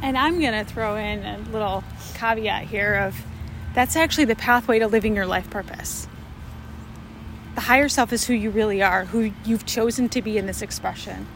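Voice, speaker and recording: A woman co-hosts a spiritual discussion in an earnest, emphatic way, often repeating phrases to drive a point home. Her voice sits somewhat high. Faint background noise runs under the recording. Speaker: co-host.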